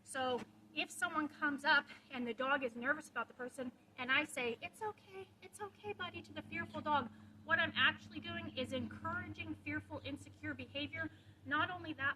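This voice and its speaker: A woman's voice: sits high, sharp tone, a little hiss or hum, rough recording. A woman dog trainer giving a practical, direct lesson, explaining with quoted examples. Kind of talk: instructional talk to camera.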